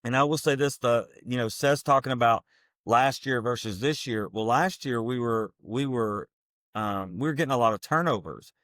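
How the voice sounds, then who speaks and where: A man talks football like the coach he once was, earnest and emphatic as he drives home his points. His voice sits at a middle pitch and sounds close and dry, with no room around it. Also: normal speed, a bit bright, no echo. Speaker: podcast co-host, former football coach. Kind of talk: casual football analysis chat.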